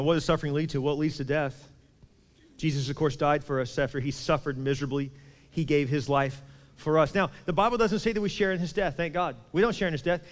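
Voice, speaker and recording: High-voiced pastor preaching in a hall. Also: male voice. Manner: emphatic, swings between loud and hushed. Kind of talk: sermon.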